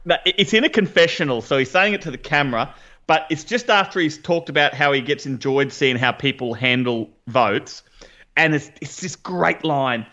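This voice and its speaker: A man co-hosting a podcast with a bright, forceful, slightly higher voice. He talks in enthusiastic, casual chat full of quick restarts. The recording sounds dull and lo-fi. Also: lively intonation. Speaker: podcast co-host.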